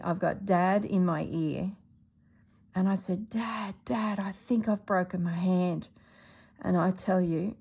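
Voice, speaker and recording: A middle-aged woman spins a chatty, animated tale in a casual vlog. Her voice sits fairly low, with a gravelly edge. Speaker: embroidery vlogger. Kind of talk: casual storytelling.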